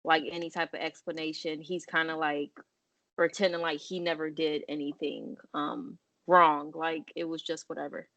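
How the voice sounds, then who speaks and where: Woman, very low and dry voice, tentative listener who reflects feelings back. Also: fairly even intonation, moderate pace, fairly bright tone, no room sound.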